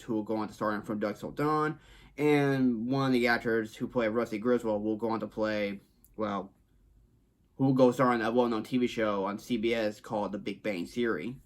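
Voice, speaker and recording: A man from Texas giving a casual movie review to camera, rambling and repeating himself, with frequent restarts. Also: medium pitch. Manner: rambling, repetitive, frequent restarts and stock phrases. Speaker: film reviewer. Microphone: talking to camera.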